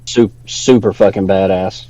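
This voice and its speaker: A man's voice: low voice, steady tone, unhurried, warm tone, no room sound, muffled recording. A man from Louisiana with a Louisiana accent, co-hosting a podcast in casual chat, laid-back and swearing freely. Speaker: podcast co-host.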